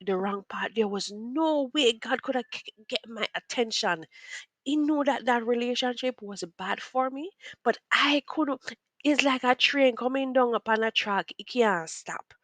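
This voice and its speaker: A woman's voice: a little high, moderate pace, a bit bright, no room sound. Earnest woman, dry close voice. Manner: earnest, repeats words, drifts into preachy church-style asides. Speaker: vlogger telling a personal story. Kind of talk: emotional storytime monologue.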